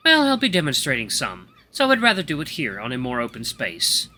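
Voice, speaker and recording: A man voicing a young male wolf grandmaster who lectures in a calm, monotone way. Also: medium pitch, brisk, a little hiss or hum, heavily acted. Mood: lecturing.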